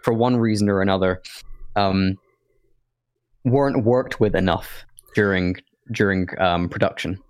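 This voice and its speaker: Low-voiced podcast guy rambling, lots of ums and restarts, dry close sound. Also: unhurried, long pauses, a little mellow, dry recording. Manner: rambling, thinks aloud with many restarts and fillers. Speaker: podcast co-host. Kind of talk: casual chat.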